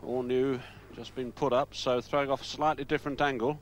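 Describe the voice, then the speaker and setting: A man giving slow, admiring commentary on trick shots. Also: mid-range voice, steady tone. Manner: slow, admiring, sparse remarks. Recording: loud crowd and noise behind.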